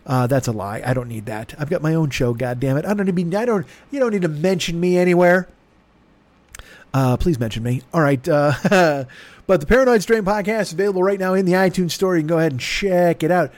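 A man's voice: a little high, lively intonation, quick pace, a little mellow, dry recording. A man hosting a comedy podcast, talking into a microphone and rambling through a profane, self-mocking plug. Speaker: podcast host. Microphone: studio microphone.

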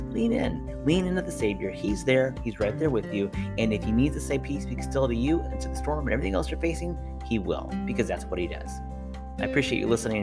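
A man hosting a devotional podcast, speaking earnestly and encouragingly straight to the listener. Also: mid-range voice. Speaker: podcast host.

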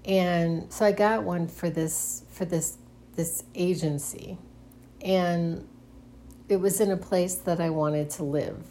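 A woman's voice: fairly low pitch, steady tone, slow pace, mellow, a little hiss or hum. A middle-aged woman hosting a casual solo monologue, speaking hesitantly with frequent restarts and nervous giggles. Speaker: podcast host.

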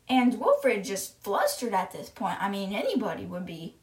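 A woman's voice: medium pitch, very animated, moderate pace, hardly any pauses. A woman retelling a children's book in a casual, chatty way, often saying "like". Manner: chatty, uses "like" a lot. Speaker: podcast storyteller.

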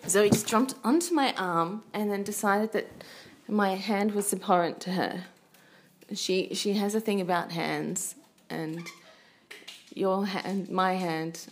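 A woman's voice: lowish voice, unhurried, slight background noise. A woman hosting a casual call-in voice-message show, chatty and playful, rambling between her callers. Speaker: host.

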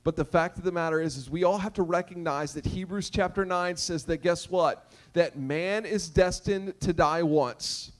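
A high-pitched man preaching a sermon. He is emphatic and repetitive. He jokes and keeps asking the crowd questions. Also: moderate pace. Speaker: pastor.

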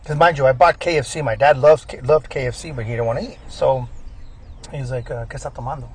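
A man's voice: medium pitch, fairly quick, husky. A middle-aged man telling a personal story in casual talk, swearing a lot and repeating words as he goes. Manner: swears often, repeats words, says bro. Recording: faint background noise.

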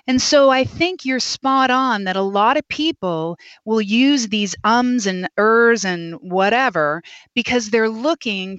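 A woman's voice: fairly high pitch, a bit bright, no echo. A woman guest, a speech-language pathologist, talking emphatically and expressively in an interview. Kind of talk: interview conversation. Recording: dull lo-fi dry sound.

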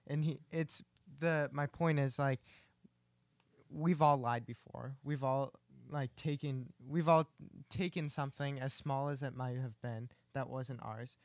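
A man's voice: mid-range voice, steady tone, measured pace, dry recording. A man in a casual faith discussion, earnest and building up his points with emphasis.

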